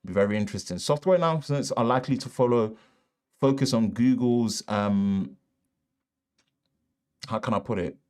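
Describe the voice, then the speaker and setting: On a live tech stream, a man with a Northern English accent casually reads the news, rambling with asides and restarts. His voice is lowish and a little mellow, moving at a moderate pace with frequent pauses. He's recorded on a shotgun mic in a treated home studio.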